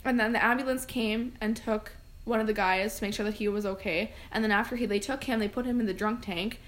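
Young woman, podcast co-host, casual rambling storyteller, a touch high-pitched, laughs a lot. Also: steady tone, quick pace. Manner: rambling, laughing, many fillers.

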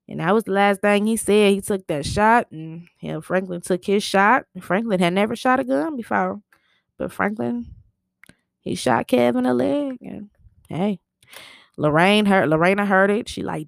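A woman's voice: mid-range voice, unhurried, gravelly, dry recording, clean studio sound. A woman casually recapping a TV episode, telling it in a chatty, slangy way with lots of fillers.

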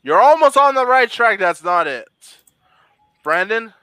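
A man's voice: sits high, sing-song, measured pace, pushed and bright, clear, resonant tone, dry recording, low-quality recording. A man hosting a podcast, recapping casually and often stumbling over and repeating his words. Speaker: podcast host. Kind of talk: casual wrestling recap chat.

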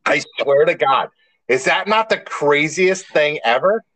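A man's voice: fairly high pitch, lively intonation, unhurried, a bit bright, dry recording, rough recording. A man co-hosting a podcast in casual chat, a rambling storyteller who restarts often and swears mildly. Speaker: podcast co-host.

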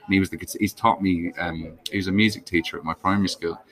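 Guest, young adult male, very low voice, casual and rambling, plenty of restarts. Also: steady tone, fast talker, a bit bright. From Ireland. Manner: rambling, lots of restarts and asides. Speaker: podcast guest. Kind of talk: casual chat.

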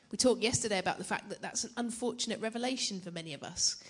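A young woman preaching to a church gathering in a chatty, self-deprecating way, often asking the audience questions. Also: medium pitch. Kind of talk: conference teaching talk.

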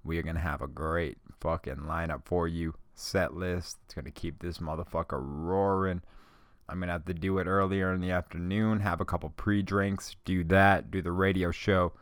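A man hosting a solo podcast who talks in a casual, rambling, profane way while high. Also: steady tone, moderate pace, dry recording. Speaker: podcast host.

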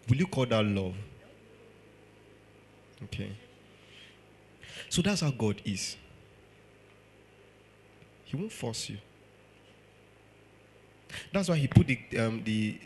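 A man with a Nigerian accent preaching a sermon, firing off rhetorical questions and acting out quotes. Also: mid-range voice.

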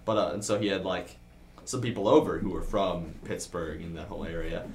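A young man from the American South tells a story in a casual podcast chat, acting out the voices. His voice sits low. The room is echoey and has a faint background hum. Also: a little fast. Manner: animated, acts out voices in stories.

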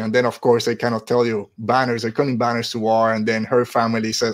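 Animated man recapping a show. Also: mid-range voice, brisk, few pauses. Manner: animated, acts out characters' lines in quotes. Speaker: podcast co-host. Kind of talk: casual chat recapping a TV episode.

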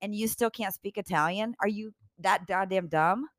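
A woman's voice: mid-range voice, normal speed, fairly bright tone, no echo, clean studio sound. A woman co-hosting a casual talk show, blunt and exasperated, mocking the people in a video. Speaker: co-host. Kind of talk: casual banter reacting to a video.

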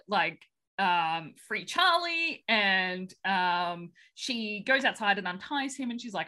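A woman's voice: mid-range voice, animated, extremely slow, sharp tone. A woman, chatting casually and laughing often as she recaps a film. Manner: giggly, chatty, many fillers.

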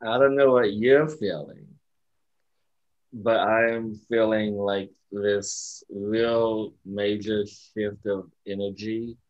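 Slow, halting man, lo-fi sound. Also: on the low side, fairly even intonation. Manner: slow, halting, searching for words. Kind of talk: casual spiritual chat.

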